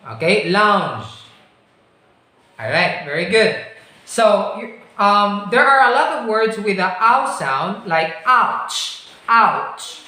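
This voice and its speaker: A man teaching English pronunciation in a recorded lesson. He talks slowly and deliberately, draws out the model sounds, and checks in often with "okay?". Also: high voice, pushed and bright. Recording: very echoey room.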